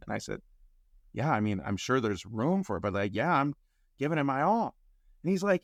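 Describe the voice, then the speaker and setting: Male podcast guest, mid pitch, animated storyteller who acts out quotes, dry close mic. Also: moderate pace, pauses often, no echo. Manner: acts out quotes, rises sharply in pitch when excited.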